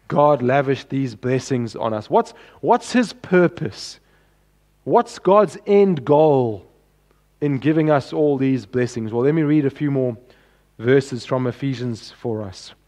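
A pastor preaching a sermon, earnest and pleading, often dropping softly at the ends of phrases. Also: male voice, mid-range voice.

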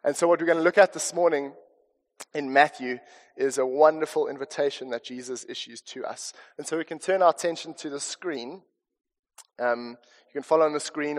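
A man with a South African accent preaching a conversational, earnest sermon with chatty asides, in a church hall. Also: medium pitch. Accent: South African English. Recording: long reverb of a church hall.

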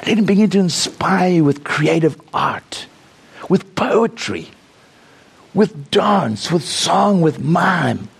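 A man's voice: on the high side, expressive, slow, creaky, slightly rough. A man preaching a sermon, telling stories and praying aloud with rising fervor. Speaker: visiting preacher.

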